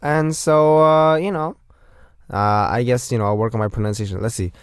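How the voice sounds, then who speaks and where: A man's voice: medium pitch, normal speed, clean tone, no echo, clean studio sound. A man hosting a radio show, chatty and joking as he reads out messages and introduces songs. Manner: playful, chatty, jokey. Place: radio studio.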